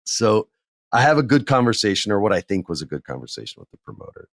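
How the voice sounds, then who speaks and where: A middle-aged man hosting a podcast, telling a work story in a candid, animated way and acting out what others said. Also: lowish voice, fast talker, gravelly, dry recording, studio quality. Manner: candid, animated, acts out quotes in others' voices. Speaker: podcast host. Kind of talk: casual storytelling monologue.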